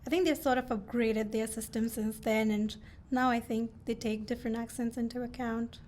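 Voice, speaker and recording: A woman with a fairly high voice co-hosting a casual chat. Her replies are short and easygoing. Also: steady tone, normal speed, a little mellow. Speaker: podcast co-host. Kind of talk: casual discussion.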